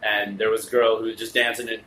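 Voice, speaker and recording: A Canadian man chatting casually on a podcast, relaxed and agreeable. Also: on the low side, fast. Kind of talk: casual chat. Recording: echoey room with faint noise.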